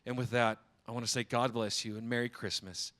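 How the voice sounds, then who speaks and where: A man playing Santa at an event, giving a gentle, preachy holiday speech. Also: medium pitch, flat delivery, fairly quick. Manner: gentle, preachy, blessing the crowd. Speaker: guest dressed as Santa. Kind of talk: short inspirational speech.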